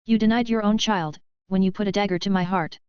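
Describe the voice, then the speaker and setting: Sprecherin als wütende verratene Königin. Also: female voice, mid-range voice, fairly even intonation, fast talker, clean tone, no room sound, lo-fi sound, close to an everyday voice. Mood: bitter. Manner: angry, accusing. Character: furious betrayed young queen, a woman.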